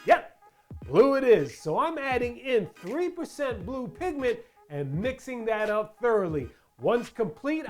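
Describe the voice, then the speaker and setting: A chatty host walks viewers through a crafting tutorial in voice-over. The delivery is playful, with asides and rhetorical questions aimed at the audience, all at an ordinary middle pitch. Soft music runs quietly underneath.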